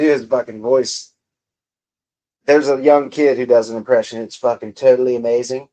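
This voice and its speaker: A man's voice: medium pitch, fairly even intonation, moderate pace, warm tone. A young man livestreaming from his home, casually reading chat and bantering with viewers in a profane, mocking way. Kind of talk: casual live-stream chat reading comments. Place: home room.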